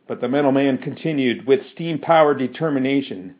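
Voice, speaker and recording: A man narrating a story in a slow, deliberate storytelling manner. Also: mid-range voice. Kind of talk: scripted narration. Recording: dull lo-fi recording.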